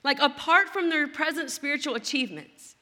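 A woman's voice: high-pitched, lively intonation, fairly quick, sharp tone. A woman guest pastor giving an earnest sermon who acts out a character's complaints as she preaches. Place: large church auditorium. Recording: long reverb of a large hall.

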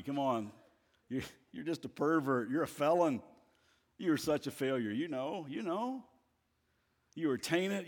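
A man voicing a taunting male devil in a sermon, speaking in a low, hushed, mocking way. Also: long reverb tail.

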